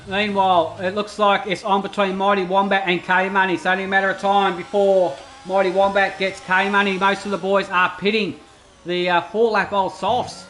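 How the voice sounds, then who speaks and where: A man calls an online racing league in casual play-by-play, his voice pitched high. He breaks into excited bursts when drivers battle. A faint hiss sits under the recording. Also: rough recording. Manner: chatty, excitable bursts over steady play-by-play. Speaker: race commentator. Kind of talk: esports sim racing commentary.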